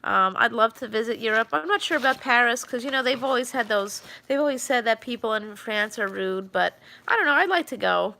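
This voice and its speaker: A woman's voice: a little high, lively intonation, fairly quick, creaky, few pauses, bright, forceful tone, slight background noise. A woman chatting casually on a live stream, rambling with many fillers and restarts. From New York.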